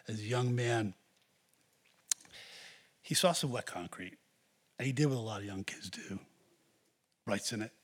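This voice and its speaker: Husky-voiced man preaching. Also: fairly low pitch, unhurried, pauses often. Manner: earnest, exhorting the congregation. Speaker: pastor. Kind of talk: sermon.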